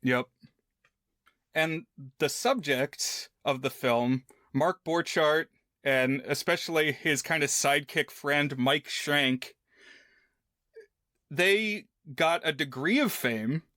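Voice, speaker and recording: Male podcast co-host, bright tone, slightly high voice, casual film chat. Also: slow, dry recording, studio quality. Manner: relaxed, conversational, with frequent fillers.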